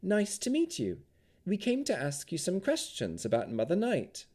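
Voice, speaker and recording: A man's voice: high-pitched, wildly swooping pitch, normal speed, a little mellow, pitched above the performer's own voice, heavily acted. A man voicing an eager young elf woman in an audiobook, upbeat and friendly. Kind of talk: audiobook character voice.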